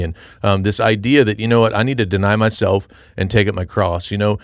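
A middle-aged man with a halting, earnest way of talking, sharing thoughts on a Bible chapter in a casual discussion. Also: fairly low pitch, fairly even intonation, no room sound, clean studio sound. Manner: earnest, halting, with many restarts and fillers. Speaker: podcast co-host and Christian father.

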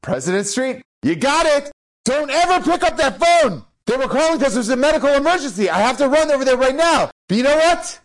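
Man acting out a panicked doctor, high strained voice, loud and urgent, scolding. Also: sing-song, brisk, heavily acted, rough recording. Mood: alarmed scolding. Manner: urgent, shouting. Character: frantic middle-aged male doctor scolding his nephew.

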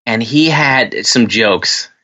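Animated storytelling male podcast co-host. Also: medium pitch, slow pace, lo-fi sound. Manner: animated, swears, acts out voices in stories. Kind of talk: casual chat, storytelling.

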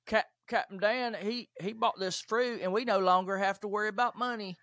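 A man doing a slow, high, simple-hearted Southern film hero. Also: fairly even intonation, fairly bright tone, dry recording, clean studio sound. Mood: earnest.

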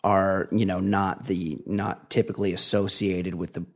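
A man's voice: low voice, level tone, normal speed. A man co-hosting a comedy podcast, rambling through crude, wry banter. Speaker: podcast co-host. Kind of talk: casual comedic chat.

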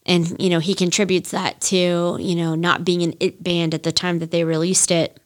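A woman's voice: lowish voice, level tone, moderate pace. A woman in her thirties hosting a podcast, chatting casually and rambling with lots of fillers and the odd swear as she gushes. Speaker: podcast host. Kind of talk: casual solo music chat.

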